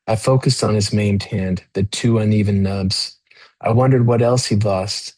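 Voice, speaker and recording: A man, an author, reading his own novel aloud in a measured way, then talking freely with many fillers and restarts. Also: on the low side, fairly even intonation, darkish tone, no echo.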